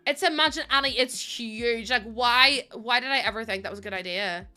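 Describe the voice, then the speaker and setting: A Northern Irish woman in her late twenties chats on a gaming live stream, giggly and talkative as she answers viewers. Her voice is bright and a touch high, with faint music playing underneath. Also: a little fast. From Northern Ireland. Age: 20s. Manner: chatty, giggly, answers chat. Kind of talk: casual live-stream chat while gaming.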